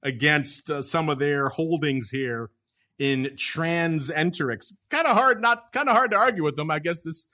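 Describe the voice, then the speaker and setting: A man's voice: on the high side, expressive, normal speed, bright, forceful tone. A man hosting a casual podcast chat, joking along, chuckling often and teasing his co-hosts. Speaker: podcast host.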